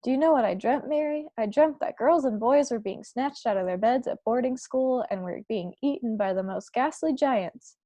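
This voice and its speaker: A woman's voice: fairly high pitch, moderate pace, hardly any pauses, dark tone, dry recording, lightly acted. A woman playing a dignified, shaken queen. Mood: alarmed. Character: distressed queen, dignified and commanding.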